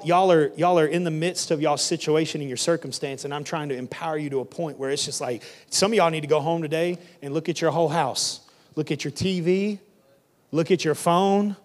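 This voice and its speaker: Fired-up preaching man, slightly high voice. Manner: preaching with rising intensity, repeating lines for emphasis; colloquial Southern-church phrasing, "y'all" and "ain't". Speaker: pastor. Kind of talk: sermon.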